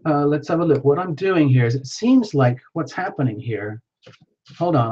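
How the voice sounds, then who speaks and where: A man's voice: medium pitch, darkish tone. Rambling man hosting a tarot live stream. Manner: rambling, earnest, heavy on "like" fillers. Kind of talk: live-stream tarot reading, casual chat. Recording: slightly dull lo-fi audio.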